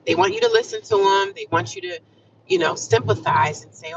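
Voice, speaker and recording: A woman's voice: mid-range voice, brisk, gravelly. Woman, casual livestream chat, upbeat, repeats affirmations, distant from mic, faint road noise. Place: inside a car. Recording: distant, muffled phone audio.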